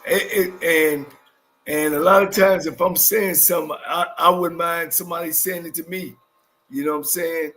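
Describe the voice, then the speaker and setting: A man's voice: fairly high pitch, steady tone, normal speed, bright, forceful tone, soft background music. A man co-hosting a sports talk show, blunt and outspoken in casual banter. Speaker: co-host.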